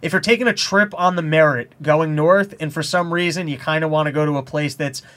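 A man, a comedian co-hosting a podcast, chatting casually and telling rambling, animated stories. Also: on the high side, brisk. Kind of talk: casual chat.

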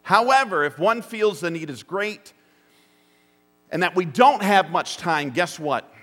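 A middle-aged man preaching a sermon, telling a story that drops to hushed asides and rises to urgent bursts. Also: sits high, expressive, measured pace. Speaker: pastor. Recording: long hall reverb.

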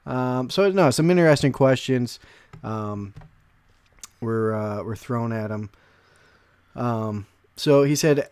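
A man hosting a casual podcast chat, reading interview quotes aloud in a self-described monotone voice. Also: medium pitch, slow pace, long pauses, smooth, no echo. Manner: reads quotes aloud, calls his own voice monotone. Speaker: podcast host.

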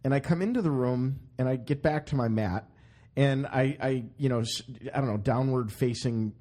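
A man's voice: medium pitch, moderate pace. A man hosting a podcast in casual banter, telling stories with jokes. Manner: joking, animated storyteller. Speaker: podcast host.

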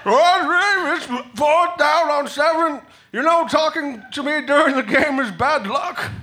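A man voicing a lazy, sports-obsessed male crewmate who is excitable and yells about the game. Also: extremely high pitch, a little slow, a little hiss or hum, exaggerated voice. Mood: excited.

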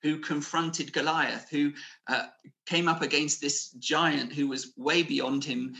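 Earnest gravelly male preacher. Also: on the high side, steady tone, takes it slowly, bright, forceful tone. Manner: earnest, rising to emphatic declarations; conversational with frequent fillers and restarts. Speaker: pastor. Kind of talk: sermon. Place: home, preaching over video call.

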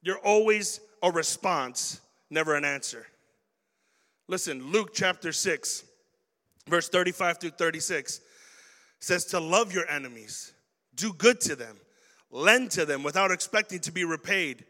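Male preacher, high and animated, acts out scenes for a young crowd; hall echo. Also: a little slow. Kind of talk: sermon to young people.

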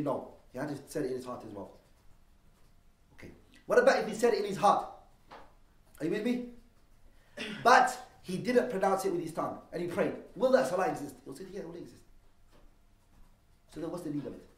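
A man teaching a lesson on Islamic law, explaining terms and posing rhetorical questions, quickly reading Arabic texts and then translating them. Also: on the high side. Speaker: religious teacher. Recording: echoey room, voice from a distance.

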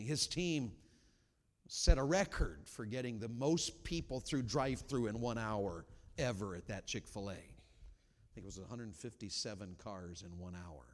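A middle-aged man preaching a sermon as a pastor, dropping to quiet talk and then rising to loud, high-pitched preaching. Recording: hall reverb.

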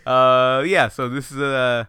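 A young man co-hosting a podcast with a bright, crisp and smooth voice, recorded dry and close. He talks in an easygoing way, drawing out phrases and chuckling. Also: mid-range voice, little pitch movement, slow, no echo. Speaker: podcast co-host. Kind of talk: casual chat.

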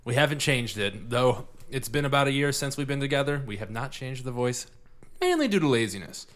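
A man's voice: medium pitch, very animated, a little fast, fairly bright tone. A man hosting a casual podcast chat, laid-back and laughing often as he rambles about beer and football. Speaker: podcast host.

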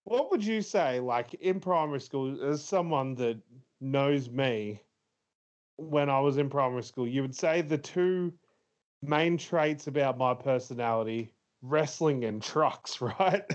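A man's voice: mid-range voice, unhurried, dull audio. A man co-hosting a casual podcast, retelling a movie's plot with lots of fillers and laughs. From Australia. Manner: rambling, laughs often, many fillers. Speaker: podcast co-host. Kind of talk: casual movie review chat.

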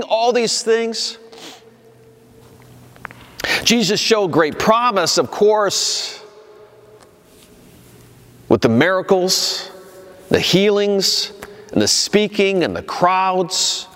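A male pastor preaching a sermon in a conversational way, his pitch rising and falling for emphasis. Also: lively intonation, takes it slowly, long pauses, fairly bright tone, in a large hall.

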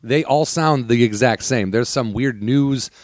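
A man's voice: mid-range voice, a little slow, dry recording. Blunt, joking man with a dry sound. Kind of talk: casual chat.

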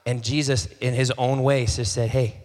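A male pastor gives a casual, talky sermon to his congregation. His voice sits at an ordinary middle pitch. He slips into short acted-out exchanges and doubles back on his words. The sound carries a long hall reverb. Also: flat delivery, normal speed, a little mellow. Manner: conversational, acts out dialogue, repeats phrases. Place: church hall.

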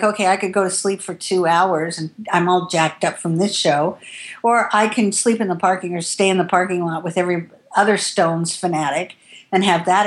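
A woman with a slightly low voice recounts her years as a tattoo artist for an interviewer. She talks candidly and drifts from one memory to the next, with the odd curse dropped in. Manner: candid, rambling, casual swearing. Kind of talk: interview storytelling.

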